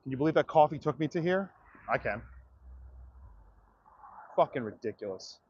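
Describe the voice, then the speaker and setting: A man's voice: mid-range voice, expressive, normal speed, darkish tone, husky, muffled recording. A man livestreaming outdoors, ranting to his viewers in a profane, direct way. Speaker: comedian livestreamer. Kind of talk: livestream rant to chat.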